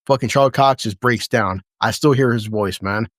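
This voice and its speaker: An excitable man hosts a casual chat, swearing freely and acting out lines from scenes. His pitch sits in the middle range. The sound is dry and close, with no room echo. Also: moderate pace. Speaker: podcast host. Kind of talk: casual episode review chat.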